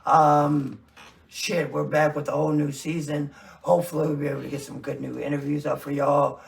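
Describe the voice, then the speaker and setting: A man's voice: fairly high pitch, level tone, fairly quick, creaky, recorded from a distance. A man co-hosting a podcast, chatting loosely with plenty of swearing. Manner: loose, profane banter. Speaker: podcast co-host. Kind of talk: casual podcast chat.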